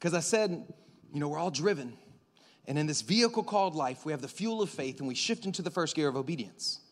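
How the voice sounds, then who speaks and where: A young man in his twenties preaches a sermon in a church sanctuary, his voice sitting a little high. He swings between excited, loud bursts and soft, intimate passages. A long hall reverb trails behind every phrase. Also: a little fast. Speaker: pastor.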